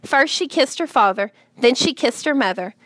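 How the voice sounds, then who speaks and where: A woman reading a children's novel aloud in a measured, gently expressive way. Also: high-pitched, no echo, clean studio sound. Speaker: audiobook narrator.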